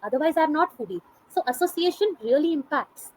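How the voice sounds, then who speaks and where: Fast-talking high-voiced woman interviewer. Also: animated, rough recording. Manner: encouraging, frequent affirmations. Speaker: interviewer, English teacher. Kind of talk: casual conversation practice.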